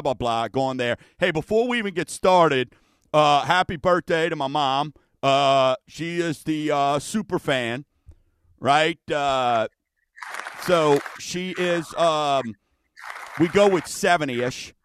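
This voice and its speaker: A man's voice: medium pitch, clean tone, dry recording. A middle-aged man hosting a mortgage talk show, chatting casually and rambling with many fillers. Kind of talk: casual radio-style chat.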